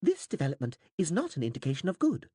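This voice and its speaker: A winged female alien interpreter, calm and oddly formal, speaking in a raised, prim voice, as a male narrator puts her on. Her phrasing is stilted and matter-of-fact even in danger. The recording is dry and close, with a husky tone. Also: a little high, fast talker, no echo, pitched above the performer's own voice, exaggerated voice.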